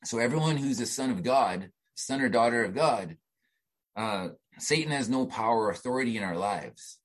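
A man's voice: medium pitch, expressive, normal speed, slightly rough, rough recording. A middle-aged man preaching a sermon in a conversational way, with frequent restarts and asides. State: emotional, near tears while reading. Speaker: pastor.

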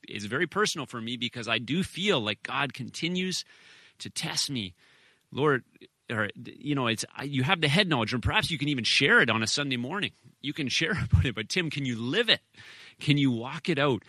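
Guy pastor in his 30s, earnest personal sermon, lots of restarts, bright tone, dead dry sound. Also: mid-range voice, no room sound. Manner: personal, earnest, halting with restarts and short laughs.

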